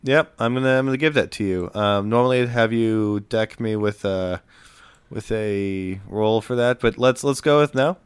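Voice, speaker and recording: Relaxed man running a tabletop game. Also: fairly low pitch, normal speed, smooth, dry recording. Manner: relaxed, lots of uh and um fillers. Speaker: game master.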